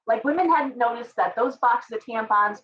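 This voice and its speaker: A middle-aged woman hosting a casual livestream tarot reading, chatty and ranting with animated asides. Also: a little high, moderate pace, distant mic, dull audio. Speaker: tarot reader and live stream host.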